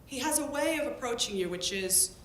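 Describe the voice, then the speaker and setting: A woman telling a lively story about her field work to an audience. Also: fairly quick. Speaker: public health worker telling a story. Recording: echoey room with faint rumble.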